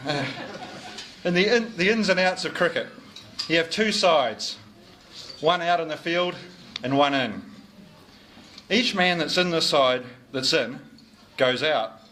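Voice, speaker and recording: A man's voice: fairly high pitch, a little slow, pauses often, pushed and bright, a little hiss or hum. A middle-aged man, giving a jovial, teasing after-dinner speech as club sergeant at a lunch. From New Zealand. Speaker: club sergeant collecting fines. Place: dining room at a club lunch.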